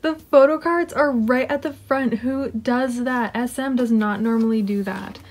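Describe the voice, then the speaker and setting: A woman chatting casually at her desk while unboxing an album, excitable and giggly, often gushing and sometimes dropping to a whisper. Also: fairly high pitch, a little slow. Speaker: unboxing vlogger. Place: home desk.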